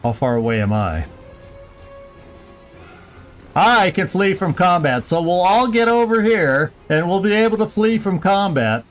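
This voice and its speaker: Man, video game streamer, loose live commentary, animated delivery, faint music bed. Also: high-pitched, normal speed. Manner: playful, thinking aloud, goofy asides. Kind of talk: casual live gameplay commentary.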